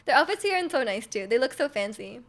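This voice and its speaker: A young woman with a high, light voice chats casually on a livestream. She rambles in a friendly way, answers viewers' questions and often restarts her sentences. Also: big pitch swings, quick pace, a bit bright. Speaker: livestreamer reading chat.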